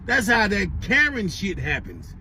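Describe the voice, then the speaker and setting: Man, high-pitched for his sex, casual profane storytelling vlog, rambling delivery, faint car noise behind. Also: a little slow, poor audio. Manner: rambling, profane, animated retelling. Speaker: vlogger. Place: in a car on the way to work.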